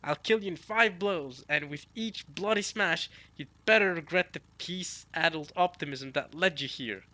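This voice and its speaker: A cruel, arrogant noble villain sneers his threats, his voice pushed a little higher and louder than normal, as a man reading a manga puts him on. The tone is bright and hard. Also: normal speed. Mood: sneering.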